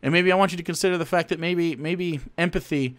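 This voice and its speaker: A man streaming live, commenting on political clips in profane, animated rants that keep cutting in. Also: fairly high pitch, fast talker.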